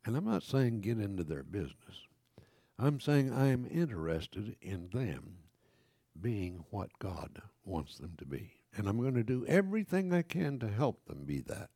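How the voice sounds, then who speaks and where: Older man preaching with lively pitch. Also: measured pace, no room sound, clean studio sound. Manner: lively preaching, reads scripture aloud, frequent self-corrections; conversational asides to the congregation. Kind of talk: sermon.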